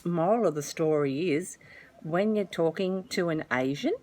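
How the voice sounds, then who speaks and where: A woman's voice: on the low side, normal speed, mellow. A middle-aged Australian woman telling a funny family story to her followers in a chatty, self-mocking way, swearing freely. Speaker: vlogger. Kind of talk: casual storytelling to camera.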